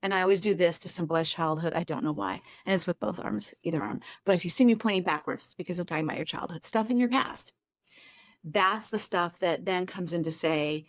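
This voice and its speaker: A woman's voice: on the low side, fairly quick, no echo. A woman therapist explaining a self-esteem technique to camera from her home office, in a conversational way with self-deprecating asides. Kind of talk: casual talk-to-camera teaching.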